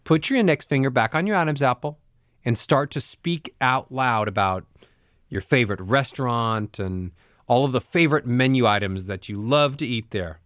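A middle-aged man, a voice coach, explaining vocal exercises step by step in a clear, patient way. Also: mid-range voice, normal speed, fairly bright tone, no room sound, studio quality. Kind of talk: spoken instruction with vocal exercises.

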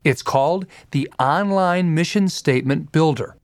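A man's voice: fairly high pitch, measured pace, no echo. A man reading a scripted, persuasive promotional message for an audio program. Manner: upbeat, persuasive sales delivery. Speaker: program announcer.

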